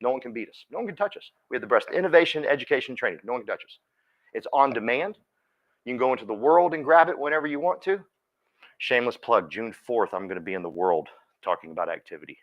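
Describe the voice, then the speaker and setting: A man's voice: medium pitch, animated, quick pace, highs cut off. A man giving a motivational talk at a team meeting, speaking emphatically and calling on listeners by name. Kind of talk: motivational talk to a live audience.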